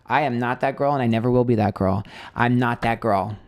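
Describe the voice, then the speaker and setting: Guy doing a live tarot stream, super blunt, rambly, curses, average pitch, dry sound. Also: brisk, no room sound. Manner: blunt, candid, ranting; swearing, chatty with fillers. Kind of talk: casual live-stream chat.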